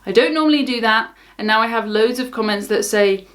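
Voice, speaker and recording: A woman's voice: fairly high pitch, a little fast, few pauses. Wry young woman with southern English accent. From south of England. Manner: wry, unbothered, laughs things off. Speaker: cruise vlogger. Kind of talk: casual talk to camera.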